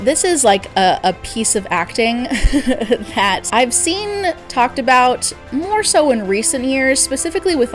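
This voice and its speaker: Brief: woman host, casual chatty film commentary, mid-pitched, easy fillers. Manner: chatty, frequent fillers, laughs easily.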